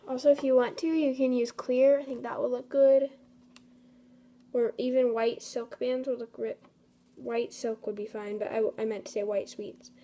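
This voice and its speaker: A woman's voice: fairly high pitch, flat delivery, normal speed, warm tone. A young woman hosting a casual craft tutorial, chatty and apologetic, talking to her materials as she works. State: a bit out of breath. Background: faint storm noise.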